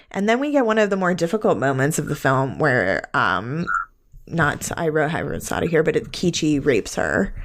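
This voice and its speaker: A woman hosting a podcast, casually recapping a film and laughing often as she talks. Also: low-pitched. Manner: laughs often while recapping, relaxed drawn-out phrasing. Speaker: podcast host.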